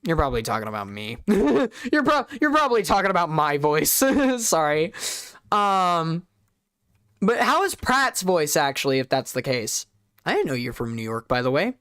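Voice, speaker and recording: Streamer, light Southern US accent, rambling live commentary, self-deprecating, smooth resonant voice, dry close sound. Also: medium pitch, sing-song, normal speed, fairly bright tone, dry recording.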